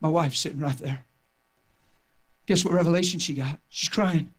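A man with a noticeably high voice preaches to his congregation, recounting his own story with fervent energy. His delivery swells from quiet reflection into near-shouted emphasis. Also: normal speed, slightly rough. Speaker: pastor. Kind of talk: sermon testimony.

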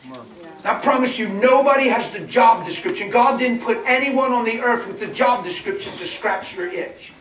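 A man's voice: very high voice, lively intonation, moderate pace, fairly bright tone. A middle-aged man preaching a sermon as pastor, emphatic and humorous, acting out little scenes for his congregation. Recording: echoey hall from far off with congregation noise.

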